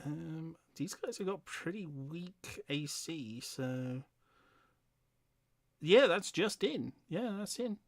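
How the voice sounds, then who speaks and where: A man running a tabletop role-playing game as game master, in a relaxed, low-key way. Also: takes it slowly, no echo, studio quality.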